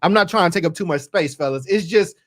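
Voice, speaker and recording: A man co-hosting a movie review podcast, talking in an animated, emphatic way with slang. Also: sits high, quick pace, crowd noise. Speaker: podcast co-host. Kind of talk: casual movie review chat.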